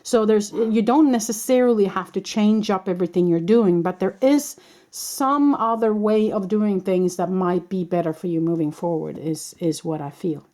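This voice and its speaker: Mellow-voiced woman giving a tarot reading. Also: medium pitch. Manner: reassuring, meandering, with many pauses. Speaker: tarot reader.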